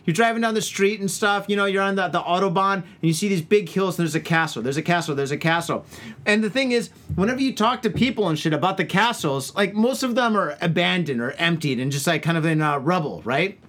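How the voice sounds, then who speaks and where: A man's voice: sits high, expressive, fast talker, a bit bright. A man hosting a casual drinking podcast, telling crude, rambling stories with lots of swearing. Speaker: podcast host. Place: home, indoors.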